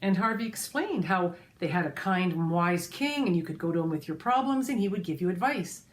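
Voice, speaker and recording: A woman storyteller telling a folk tale to children, expressive and speaking straight to her listeners. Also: on the low side, a little fast. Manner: expressive, addresses listeners directly.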